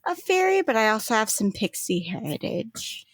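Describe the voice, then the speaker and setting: A woman's voice: on the high side, sing-song, moderate pace, no room sound. A woman voicing a polite female fairy with some pixie heritage, speaking graciously.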